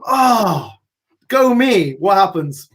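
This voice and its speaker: Host: chatty male talker, high voice, laughs through his lines. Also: very animated, takes it slowly, breathy edge. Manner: chatty, laughs often, swears casually. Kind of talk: casual chat.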